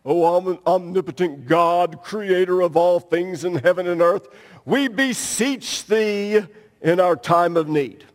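A man's voice: high voice, big-room sound, pitched below the performer's own voice. A man voicing a pompous worshipper who prays in stilted, ornate old-English phrases. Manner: solemn, ornate, drawn-out.

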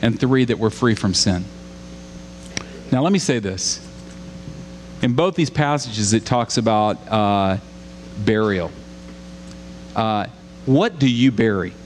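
A man's voice: lowish voice, slow pace, long pauses. A man from Louisiana preaching a sermon, earnest and questioning the congregation, building to emphatic repetition. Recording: long hall reverb with faint hum.

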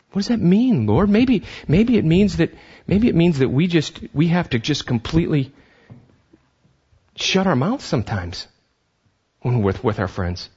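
A man preaching a sermon as pastor, animated, acting out voices and often restarting his sentences. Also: on the high side, measured pace, slightly rough, lo-fi sound.

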